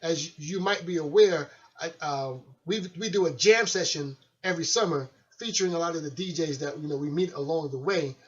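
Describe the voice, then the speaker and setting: A relaxed man hosts a radio show in casual conversation and laughs easily between thoughts. His voice sits a little high. The recording sounds slightly dull and lo-fi. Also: brisk. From Pennsylvania, USA. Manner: laid-back, chatty, laughs often. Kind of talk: casual interview chat. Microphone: studio mic, guest on the phone.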